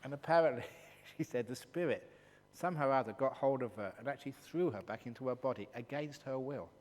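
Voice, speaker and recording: A man, a monk and meditation teacher, giving a dharma talk at a retreat in an animated, jokey storytelling manner. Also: mid-range voice, fairly quick. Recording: long hall reverb, faint hum.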